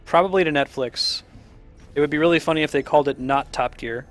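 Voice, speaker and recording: A man's voice: on the high side, a little fast. A young man from the United States, a game streamer chatting casually over gameplay and telling rambling anecdotes with frequent chuckles.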